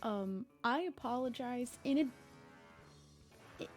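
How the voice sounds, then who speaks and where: A woman's voice: on the high side, lively intonation, takes it slowly, darkish tone, faint music behind. A young adult woman streaming live, chatting casually and rambling, laughing often between complaints.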